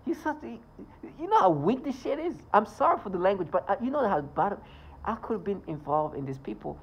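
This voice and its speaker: A man's voice: sits high, very animated, fairly quick, vocal fry, slightly rough, lo-fi sound. A man ranting indignantly in a vlog monologue, swearing as he talks. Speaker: vlogger.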